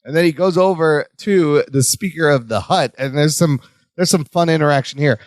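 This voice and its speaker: A man's voice: moderate pace, no echo. A man co-hosting a podcast, chatting casually as he recaps a sitcom episode and acts out characters' lines. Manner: animated, acts out characters' lines in high voices. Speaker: podcast co-host.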